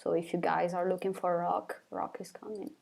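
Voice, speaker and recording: A woman's voice: on the low side, little pitch movement, moderate pace, creaky, a little mellow. A young woman, a band's singer, reading fan questions aloud from a live chat and answering them casually, with lots of fillers and small laughs.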